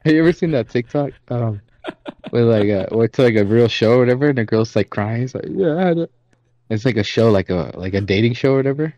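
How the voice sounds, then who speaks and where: A young man, a podcast co-host, chatting casually with loud, laughing reactions. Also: medium pitch, fast talker, no room sound, muffled recording. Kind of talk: casual chat.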